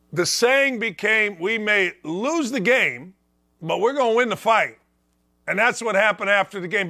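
High, bright-voiced ranting man in his sixties. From northwest Indiana. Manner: ranting, mocking, repeats his points. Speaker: sports talk show host. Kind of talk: opinionated sports talk monologue.

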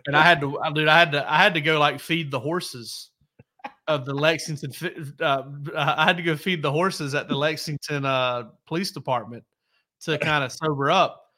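A man's voice: fairly high pitch, steady tone, normal speed, pushed and bright. A man telling casual, rambling stories on a sports podcast, often correcting himself as he goes. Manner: rambling, self-correcting, laid-back storyteller. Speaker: sports reporter.

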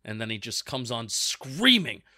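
A man's voice: medium pitch, moderate pace, bright, forceful tone. A man co-hosting a casual sports podcast, telling stories in an easygoing way and laughing along. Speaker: podcast co-host and producer.

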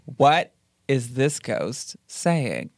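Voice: mid-range voice, big pitch swings, extremely slow, dry recording, clean studio sound. A podcast host in casual chat, playfully quizzing a co-host and laughing between lines.

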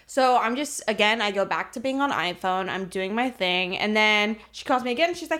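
A young woman co-hosting a podcast, telling a story in a casual, animated and profane way. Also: medium pitch, fairly quick, hardly any pauses. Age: young adult. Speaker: podcast co-host. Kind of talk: casual chat.

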